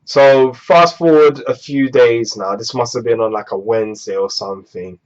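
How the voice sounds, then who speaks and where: Brief: young man, exasperated storytime vlogger, mid pitch, muffled lo-fi recording. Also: normal speed. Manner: animated, exasperated, swears freely. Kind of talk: storytime vlog. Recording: dull lo-fi recording.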